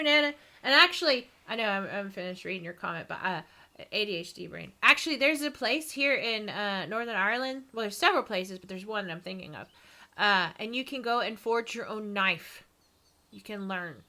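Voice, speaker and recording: Bright-voiced Texan woman, rambling chat. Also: mid-range voice, animated, moderate pace. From East Texas. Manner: rambling, self-mocking, laughs often. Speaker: streamer reading viewer comments. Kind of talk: casual chat.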